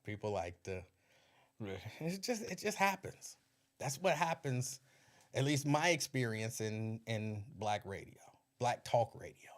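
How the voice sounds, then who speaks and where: A man's voice: mid-range voice, a little slow. A man hosting his own podcast, chatting casually about his years in radio and laughing often. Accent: Cincinnati area. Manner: laughs often, animated storytelling. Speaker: podcast host, former radio host. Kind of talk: casual livestream chat.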